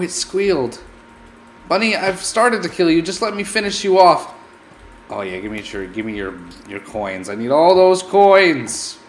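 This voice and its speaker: A man's voice: on the high side, fairly bright tone, a little hiss or hum. A man hosting a let's play, narrating his gameplay with playful, mock-scared melodrama. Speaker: gaming channel host.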